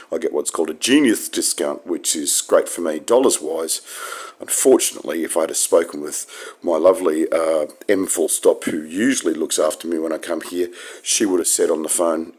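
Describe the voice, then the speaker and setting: A man vlogging a rambling, wry monologue, drifting off on tangents and jumping up for emphasis. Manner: wry, digressive, with sudden emphatic pitch jumps.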